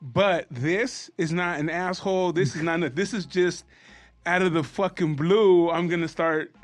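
Profane, animated podcast guy. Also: high-pitched, unhurried, no room sound, faint music behind. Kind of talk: casual chat.

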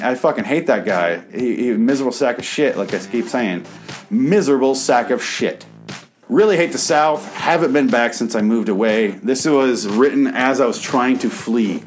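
A man's voice: medium pitch, normal speed. Sarcastic man ranting, faint music. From American Midwest. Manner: sarcastic, profane, bitter ranting. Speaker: comedy show host. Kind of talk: reading his own writing aloud, then improvised rant.

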